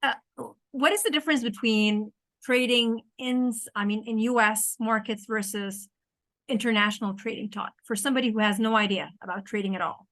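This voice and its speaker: Female interview host, somewhat high pitch, halting questions. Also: steady tone, a bit bright, no room sound. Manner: brief reactions, halting questions. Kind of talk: conversational interview.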